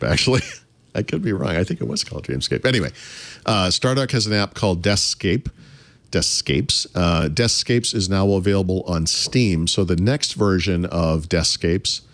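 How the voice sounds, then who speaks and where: A man's voice: low voice, no room sound. A man co-hosting a casual tech podcast, talking in a rambling, self-interrupting way and chuckling at his own jokes. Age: adult. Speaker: podcast co-host.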